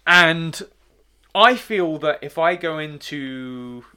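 A man's voice: fairly high pitch, slow, clear, resonant tone. A man in a casual podcast chat, rambling through stories with plenty of fillers. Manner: rambling, lively storyteller with fillers. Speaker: podcast co-host.

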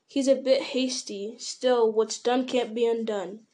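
A woman's voice: a little high, fairly even intonation, measured pace, dark tone, natural voice. A woman voicing a fussy, rambling middle-aged male innkeeper with a folksy, apologetic way of talking.

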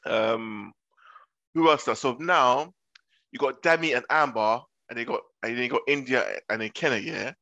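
A man's voice: medium pitch, moderate pace, bright, forceful tone, dry recording, muffled recording. A young man retelling reality-show drama in casual slangy chat, voicing the people he quotes.

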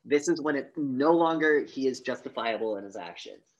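A man's voice: mid-range voice, normal speed, muffled recording. A man co-hosting a podcast, casually retelling a film's plot and acting out its lines. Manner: animated retelling, acts out quotes. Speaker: podcast co-host. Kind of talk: casual movie review chat.

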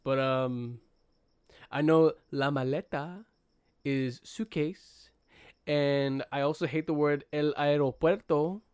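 Laid-back young podcast host. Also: male voice, fairly high pitch, steady tone, takes it slowly, darkish tone, clean tone, no room sound, studio quality. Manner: laid-back, self-mocking, lots of fillers. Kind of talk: casual podcast chat.

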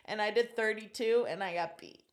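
Young woman, comedian guest, animated, self-deprecating, quick laughs, casual chat. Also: mid-range voice.

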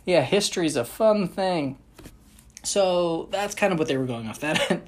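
A woman hosting a podcast, telling a story in a casual, animated, jokey way full of asides. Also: rumbling low.

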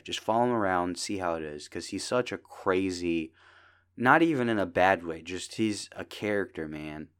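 Low-voiced man rambling on a podcast. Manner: rambling, jokey storytelling. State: tired. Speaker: podcast host. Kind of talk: casual solo podcast chat.

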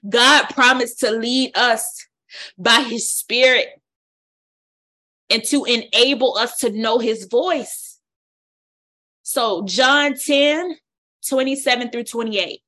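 Woman, Bible study leader, higher pitch, bright voice, exhorting, call and response. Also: slow pace, long pauses. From United States.

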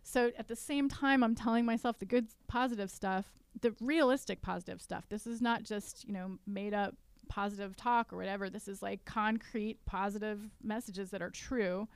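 A woman's voice: medium pitch, steady tone, moderate pace, smooth, dry recording. A woman, an author, talking through her coping steps in a casual podcast conversation, earnest and self-deprecating. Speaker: author and guest.

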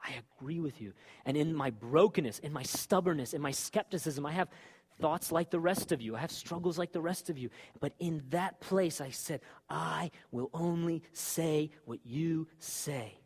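A man's voice: a little high, moderate pace, husky. Fervent male preacher, rising and falling. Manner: fervent, swings from loud exhortation to quiet confession. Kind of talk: sermon.

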